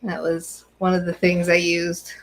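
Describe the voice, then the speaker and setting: Relaxed woman chatting as co-host. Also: on the low side, a little slow. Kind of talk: casual livestream chat.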